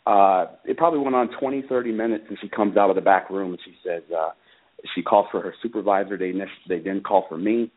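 A man with a fairly low voice calls in over a thin, tinny phone line. He speaks earnestly and haltingly, with plenty of ums and uhs, as he recounts what happened to him. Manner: earnest, halting, many fillers. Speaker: father calling in about his case. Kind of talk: personal account on a call-in radio show.

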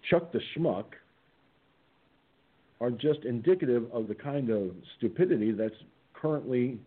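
A man's voice: mid-range voice, a little slow, slightly rough. A man hosting an online political radio talk show, sarcastic and combative, reading his own replies aloud. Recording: tinny phone-line sound.

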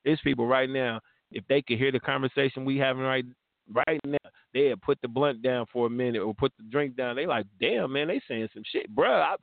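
Gravelly man in his fifties on a phone line. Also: medium pitch, fairly even intonation, fairly quick, no echo. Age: 50s. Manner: emphatic, slangy, fired-up storytelling. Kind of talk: casual podcast chat. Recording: tinny phone-line sound, dry.

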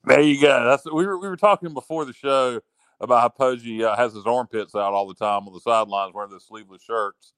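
A man's voice: mid-range voice, a little fast, a bit bright, smooth, no echo. A man hosting a casual sports talk show, boastful and rambling, often repeating himself.

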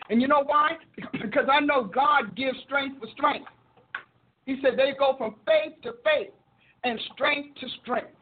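A woman preacher and show host teaching in a sermon style, expressive and quick to laugh, acting out her prayers. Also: a little high, husky. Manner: expressive, acts out prayers and quotes, laughs often. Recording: tinny phone-like audio.

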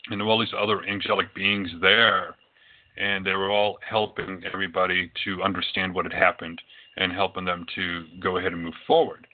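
A man's voice: sits low, little pitch movement, brisk. A man who works as a psychic medium, telling his own experiences in a loose, rambling way with many fillers. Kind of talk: casual storytelling talk. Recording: tinny phone-like audio.

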